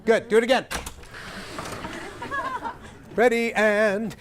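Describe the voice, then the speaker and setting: A male vocal coach leading a live group singing workshop, energetic and directive, joking with the singers. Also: high voice, moderate pace, a crowd in the background, background noise.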